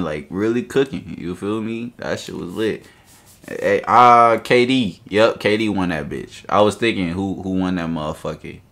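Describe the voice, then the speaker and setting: A man hosting a reaction video, giving casual, profane, slang-filled play-by-play that breaks into excited shouts. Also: on the low side. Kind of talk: casual hyped commentary.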